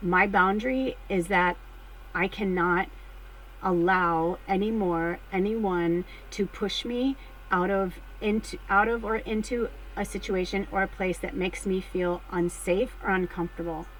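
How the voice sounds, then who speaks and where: A middle-aged woman who works as a spiritual medium tells her viewers a personal story, chatty, candid, and swearing freely, shrieking with excitement as she retells it. Her mid-range voice is a little slow, and the poor audio has some hiss or hum.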